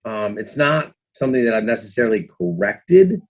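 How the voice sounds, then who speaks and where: A man's voice: fairly low pitch, expressive, moderate pace. A man around fifty, a podcast guest telling his story casually, with lots of "you know"s and acted-out quotes of his own past thoughts. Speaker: guest, former trader and author.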